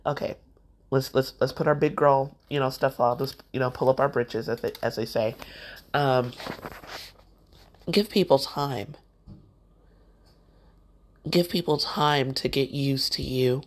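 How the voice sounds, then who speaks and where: A woman's voice: deep voice, normal speed, long pauses. A woman hosts a motivational podcast and talks straight to the listener. Her delivery is conversational and encouraging, like a casual pep talk. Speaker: podcast host.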